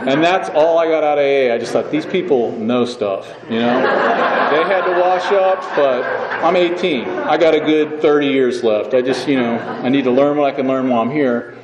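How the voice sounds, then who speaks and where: A man's voice: medium pitch, fairly quick, over a noisy crowd. Rambling, self-mocking man in an echoey hall. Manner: rambling and self-mocking, full of "you know what I mean". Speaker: AA meeting speaker. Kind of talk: personal recovery story told to a meeting. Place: meeting hall. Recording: echoey hall with background noise.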